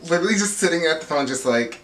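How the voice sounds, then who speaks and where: A man's voice: fairly high pitch, quick pace, roomy sound, far from the mic. Gossipy man recapping reality TV. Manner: gossipy and animated, acts out quotes with laughs. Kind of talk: casual recap commentary.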